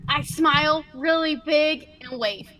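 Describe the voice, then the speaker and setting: A woman's voice: sits high, fairly even intonation, a little slow, sharp tone. A woman playing a tabletop game, describing her character's actions playfully. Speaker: player. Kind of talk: tabletop role-play.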